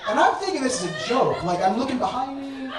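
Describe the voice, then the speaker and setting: A high-pitched man tells a funny personal story on stage with a lively, self-mocking delivery. He sounds some way off the mic, and his voice rings through a reverberant hall while the audience laughs. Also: a little fast, far from the mic, over a noisy crowd, heavy background noise.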